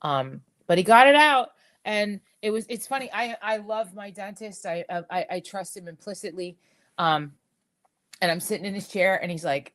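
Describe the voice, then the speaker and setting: A middle-aged woman hosts a casual jewelry live stream. Her voice sits a little low, and she talks in a chatty, rambling way full of "um" and restarts. A slight whistle slips through her speech from a missing tooth. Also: normal speed. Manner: chatty, animated storytelling with frequent fillers and repeats.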